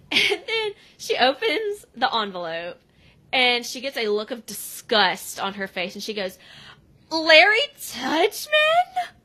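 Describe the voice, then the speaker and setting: A woman's voice: on the high side, animated, unhurried, bright, forceful tone. A woman co-hosting a podcast, casually recapping an episode and acting out the lines in a chatty way. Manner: chatty, acts out quotes. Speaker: podcast co-host.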